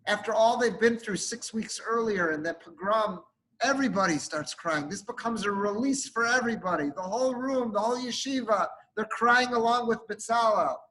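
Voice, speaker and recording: A rabbi delivers a sermon as a heartfelt story. His voice sits high and sounds bright and forceful. He works Hebrew and Yiddish terms into his English. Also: moderate pace, low-quality recording.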